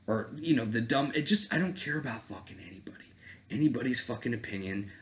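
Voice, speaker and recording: A man's voice: medium pitch, expressive, fast talker. A man vlogging as a dating coach in a casual, profane rant, blunt and breaking into laughing asides.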